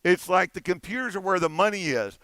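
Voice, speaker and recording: A man giving a conference talk, telling an animated, playful story and acting out the dialogue. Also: high-pitched, fairly quick, no room sound. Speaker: conference keynote speaker. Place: conference stage.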